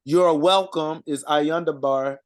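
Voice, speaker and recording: A man with a fairly high voice talks slowly through an informal language lesson. He reads out words one by one, stops to sound them out, and fills the gaps with "uh" and "um". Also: steady tone, clear, resonant tone. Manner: halting, sounds out words, many fillers. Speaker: co-presenter reading out vocabulary.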